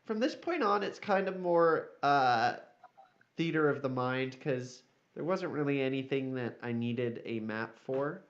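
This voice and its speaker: A relaxed male game master who narrates slowly and casually, in a slightly muffled recording. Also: medium pitch. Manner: casual, with frequent fillers.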